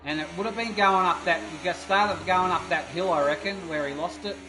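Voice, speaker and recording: Excitable man commentating sim racing. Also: sits high, fairly quick. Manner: excitable, rambling with fillers. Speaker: race commentator. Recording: noisy background of engine sounds. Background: racing car engine noise.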